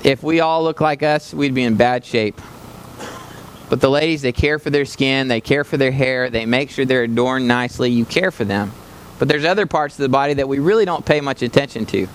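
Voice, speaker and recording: A man's voice: mid-range voice, fairly quick, a little hiss or hum. A man preaching a sermon as a visiting missionary, passionate and emphatic, speaking straight to the congregation in a church. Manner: passionate, rising to emphatic peaks, addresses congregation directly.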